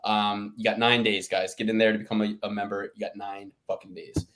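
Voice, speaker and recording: A man's voice: fairly low pitch, little pitch movement, fairly quick, a bit bright. A man co-hosting a podcast, rambling in a casual chat and swearing often as he rants. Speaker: podcast co-host.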